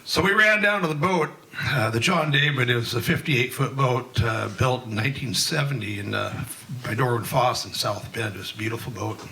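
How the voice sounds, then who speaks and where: Older man, folksy open-mic storyteller, bright voice a little off mic, rambling with fillers. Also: medium pitch, moderate pace, gravelly, recorded from a distance, low-quality recording. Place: live event in a museum hall.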